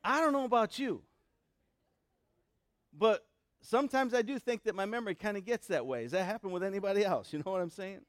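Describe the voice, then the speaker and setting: High-voiced man preaching a sermon. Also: lively intonation, brisk, long pauses, no echo, clean studio sound. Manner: conversational preaching, asks the congregation questions, many fillers and restarts. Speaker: pastor. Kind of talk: sermon with a told joke.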